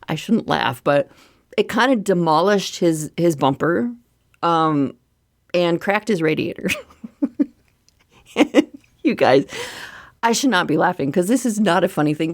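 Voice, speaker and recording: A middle-aged woman hosting her own podcast, talking casually and laughing, with sudden high squeals of delight. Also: no echo, clean studio sound. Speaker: podcast host. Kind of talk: casual solo podcast talk.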